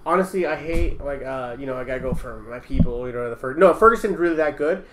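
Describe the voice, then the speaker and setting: A man's voice: medium pitch, lively intonation, fast, a bit bright, echoey room, a little hiss or hum. A man in casual podcast chat, rambling and laughing often as he talks. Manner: rambling, laughs between lines.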